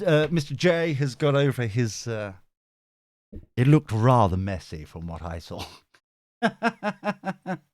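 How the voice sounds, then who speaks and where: Cheeky male streamer, lively up-and-down delivery, dry close mic. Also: medium pitch, no room sound. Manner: cheeky, swears, laughs a lot, reads chat aloud. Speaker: tarot reader streamer. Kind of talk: casual live-stream chat.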